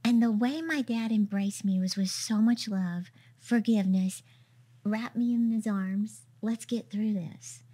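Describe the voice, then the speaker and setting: A woman in her fifties telling a heartfelt testimony in conversation, softly acting out the words of others as she tells it. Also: medium pitch, measured pace, breathy edge. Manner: emotional storytelling, acts out quoted dialogue softly. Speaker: guest, minister.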